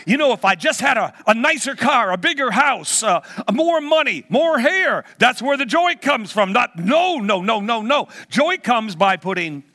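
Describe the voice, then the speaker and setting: A man's voice: extremely high pitch, big pitch swings, measured pace, few pauses, sharp tone. A man in his sixties, a guest preacher leading a playful children's talk in a church, teasing the audience like a game-show host. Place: church hall.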